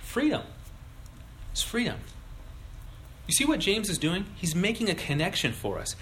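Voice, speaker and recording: A younger male pastor preaches with a lively, swooping delivery and a bright, forceful tone. He slips into playful voices for his stories. Faint room ambience sits behind him. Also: fairly high pitch, a little hiss or hum, low-quality recording. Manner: animated, acts out voices in illustrations. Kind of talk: sermon.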